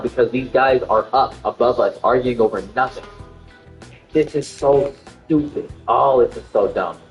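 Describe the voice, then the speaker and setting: Streaming live, a man reacts in outrage, ranting and repeating himself. His mid-range voice sounds muffled, and faint music plays in the echoey room.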